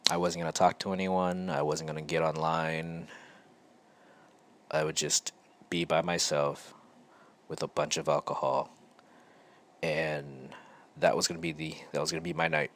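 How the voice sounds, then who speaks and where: A man hosting his own show, telling a personal story in a slow, halting and reflective way with frequent pauses. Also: extremely low pitch, flat delivery, fairly bright tone. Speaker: podcast host.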